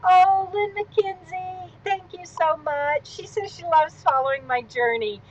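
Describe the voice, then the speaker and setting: A woman's voice: very high-pitched, a little slow, dull audio. A woman hosting a casual live stream from home, chatting in a rambling way and wandering off into asides. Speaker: livestream host. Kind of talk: casual livestream chat. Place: at home, on a swivel stool.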